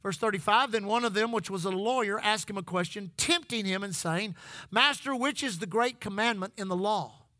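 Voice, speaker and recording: High, bright-voiced preacher. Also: male voice, normal speed, no echo. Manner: folksy storytelling preacher, calls out to the congregation. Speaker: pastor. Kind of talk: sermon.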